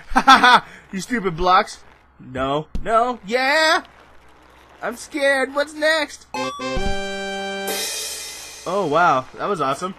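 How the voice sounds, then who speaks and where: A young man doing let's play commentary, excitable and laughing, shouting in bursts. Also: sits high, slow pace, pauses often. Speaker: gaming channel host.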